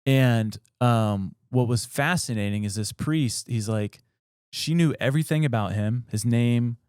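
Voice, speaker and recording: A man's voice: mid-range voice, unhurried, darkish tone, clean tone, no echo, clean studio sound. A man hosting a podcast, retelling an old story in a loose, rambling way full of fillers. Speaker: podcast host. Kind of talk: casual storytelling.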